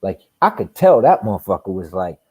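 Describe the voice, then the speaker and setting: A man hosting a live boxing chat, telling animated, profane stories and acting out punches with sound effects. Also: low-pitched, fairly quick, breathy edge, dry recording. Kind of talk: casual storytelling chat.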